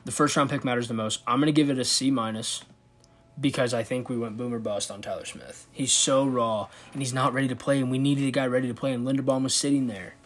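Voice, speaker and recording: A man's voice: mid-range voice, fairly even intonation, fast. A man hosting a casual sports video, commenting on a football draft, thinking aloud and reacting with disbelief.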